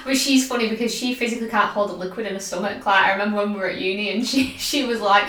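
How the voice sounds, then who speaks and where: A woman's voice: medium pitch, racing, a crowd in the background. Woman cohost, playful and chatty, laughs a lot, sounds a bit far off in an echoey room. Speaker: podcast co-host, former teacher. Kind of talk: casual podcast chat.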